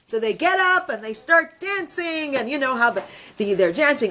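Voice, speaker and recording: A woman teaching a women's religious class, telling a story in an animated, chatty way with many fillers. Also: high voice, a little fast, few pauses, a little hiss or hum. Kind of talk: storytelling lesson.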